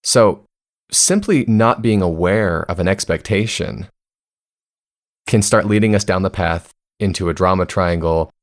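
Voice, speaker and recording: Podcast guy, lowish voice, chatty self-help talk, keeps asking the listener stuff. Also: unhurried. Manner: conversational, asks listeners questions. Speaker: podcast host.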